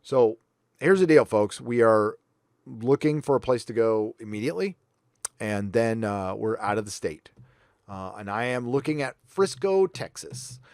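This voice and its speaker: A man's voice: lowish voice, expressive, unhurried, a little mellow, no echo, studio quality. A man hosting a livestream, reading viewer donations aloud with blunt, profane, sarcastic asides. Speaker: livestream host.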